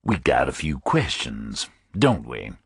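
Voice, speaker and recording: A stubborn chief of detectives in his forties, played by a male narrator, with a deep, rumbling voice. He speaks formally, precisely and slowly, in a husky tone. The sound is close and dry. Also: wildly swooping pitch, no echo, exaggerated voice.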